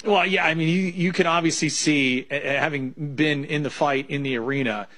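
Measured male sports betting analyst. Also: a little high, a bit bright. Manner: measured, thinking aloud with fillers. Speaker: sports betting analyst, former baseball pitcher. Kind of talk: casual sports talk.

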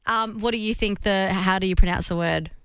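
A woman's voice: medium pitch, steady tone, a bit bright, clean tone, dry recording. Teasing Australian female radio host. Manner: teasing, quick to laugh. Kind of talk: casual radio banter.

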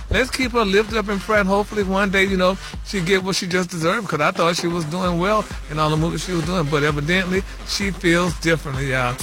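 A man's voice: high-pitched, pushed and bright. A man hosting a radio gossip segment, flamboyant and calling listeners honey and baby. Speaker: radio show gossip host.

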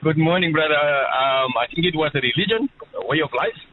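Man, 50s, phone-in caller, high-pitched, muffled phone sound, faint hiss, chatty. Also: brisk. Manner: chatty, laughing, storytelling. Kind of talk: casual phone-in chat. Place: car while driving. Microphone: phone line. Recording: muffled phone line from a car.

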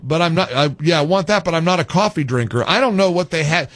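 A man's voice: on the high side, fast talker, fairly bright tone, no echo. An older man hosting a call-in radio talk show, joking and exasperated, talking with callers.

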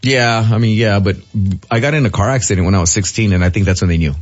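A man, telling animated, slangy stories as a podcast co-host. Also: on the low side, fast, dull audio, faint music behind. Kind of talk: casual chat.

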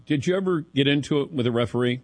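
A man's voice: mid-range voice, fast talker. A man hosting a casual interview, asking playful, teasing questions. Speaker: interview host.

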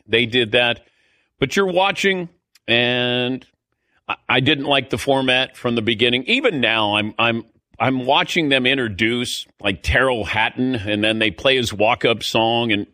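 A middle-aged man hosts a casual sports talk show, rambling through stories with indignant asides and self-mocking humor. His voice is bright and forceful. The sound is dry and close. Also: mid-range voice, dry recording. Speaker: sports radio host.

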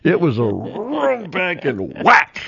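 Animated male sports radio host. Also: fairly high pitch, slow, vocal fry, husky. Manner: animated storyteller, laughs often. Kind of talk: casual sports radio chat. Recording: dull, dry studio sound.

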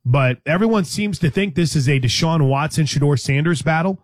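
A sports radio host with a slightly high, animated voice talks a little fast in clean studio sound with no echo. He chats casually about football with his co-host, restarting hesitantly now and then and teasing lightly.

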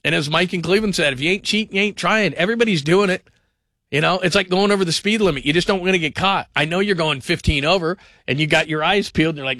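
A man hosting a call-in sports radio show, talking fast and animated, often mimicking the people he talks about. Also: high-pitched, dry recording. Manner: animated, does mocking voices of others.

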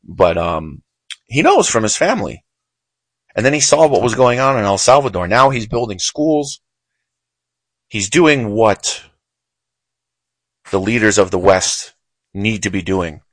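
A man's voice: on the low side, animated, measured pace, pauses often, husky, no echo, low-quality recording. A man hosting a show, giving heated, emphatic political commentary with frequent repetition. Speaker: show host.

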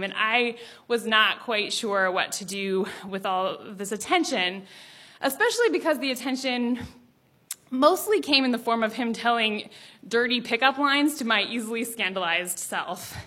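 Lively young woman telling a story. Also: a little high. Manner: animated, laughing, acting out quotes. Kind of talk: personal story told to an audience.

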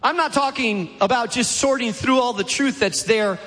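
A man's voice: very high voice, moderate pace, a bit bright. A man preaching a sermon, emphatic and repetitive, with rhetorical questions and repeated refrains. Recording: long hall reverb.

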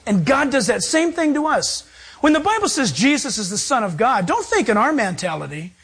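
A man preaching a sermon as pastor, animated and acting out quoted voices. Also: extremely high pitch, moderate pace, slightly rough.

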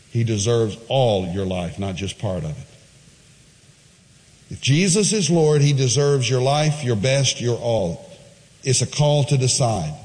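A man preaching to a congregation at a medium pitch, his voice trailing into a long hall reverb. He tells the story with energy, dropping low and soft for solemn points and leaping up when he acts out the characters. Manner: animated preaching, jumps high for quoted voices. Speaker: pastor. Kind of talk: sermon.

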